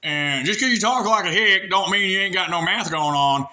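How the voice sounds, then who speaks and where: Folksy inner engineer voice with a rural American accent, pitched up and sharp, as a man voices it. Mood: boastful. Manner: quick, matter-of-fact, folksy.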